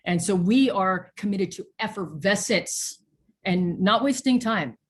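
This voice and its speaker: A woman's voice: mid-range voice, measured pace, slightly rough. A woman pastor leading an online church service over a video call, speaking earnestly and giving thanks to supporters. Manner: earnest, preacherly, thanks people by name.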